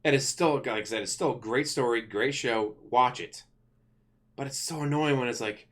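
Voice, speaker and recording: A man in a middle pitch rants casually to his viewers. He rambles, stops to correct himself mid-sentence, and swears freely. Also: moderate pace, a bit bright. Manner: rambling, self-correcting, blunt with profanity. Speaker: channel host. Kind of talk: casual rant to camera.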